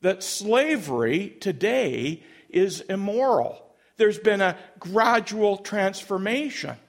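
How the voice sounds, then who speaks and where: Dude doing a fired-up outspoken woman, high and loud, all over the place. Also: lively intonation, slow, full character voice. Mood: indignant. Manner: incredulous, forceful. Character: indignant professional woman, sharp and outspoken.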